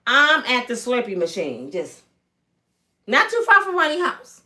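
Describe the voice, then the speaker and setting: A woman from Michigan in her fifties spins a story with a somewhat high voice. Her pitch leaps and dips all through, and she leans hard on the big moments. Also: measured pace. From Michigan, USA. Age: 50s. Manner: animated, emphatic, acts out voices. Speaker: storytelling vlogger. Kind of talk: casual storytelling.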